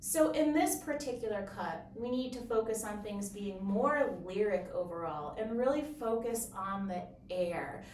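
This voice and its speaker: A woman explaining bassoon technique in a clear, encouraging, step-by-step way. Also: expressive, measured pace, hardly any pauses, a little mellow, slight background noise. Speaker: bassoon teacher. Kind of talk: instructional explanation. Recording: roomy echo, from a distance.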